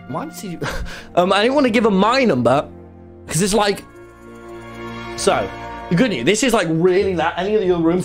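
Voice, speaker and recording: This is a young man, chatting casually as he tells a story. His voice sits a bit high and swings widely, excitable and rambling, with frequent fillers. Faint music plays in the background. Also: normal speed, pauses often. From England. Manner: rambling, excitable, many fillers and sudden yelps. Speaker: streamer telling a story.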